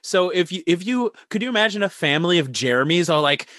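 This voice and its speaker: A man chats on a film podcast, joking and slipping into quick put-on voices as he tells a story. His voice is bright and fairly high, and it swings up and down a lot. The sound is dry and close. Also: animated, no room sound. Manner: jokey, acts out quick voices in stories. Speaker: podcast panelist. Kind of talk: casual chat.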